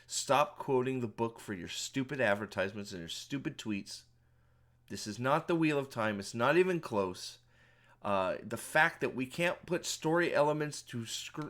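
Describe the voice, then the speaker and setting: Male online commentator, mid pitch, indignant, profane, stammering ranter. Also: expressive, moderate pace, fairly bright tone. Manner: heated and indignant, swears often, stumbles and repeats words. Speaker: YouTube commentator. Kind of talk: angry ranting commentary.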